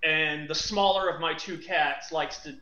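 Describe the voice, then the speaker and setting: A man's voice: fairly high pitch, fairly even intonation, unhurried, sharp tone, roomy sound, muffled recording. A man co-hosting a casual podcast, hesitant and rambling as he explains.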